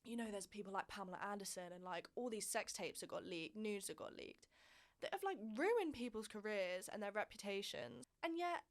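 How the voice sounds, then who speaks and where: A woman's voice: mid-range voice, animated, moderate pace. A young woman in her twenties, telling a frank personal story in a candid, chatty way with plenty of swearing and emphasis. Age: 20s. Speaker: vlog host.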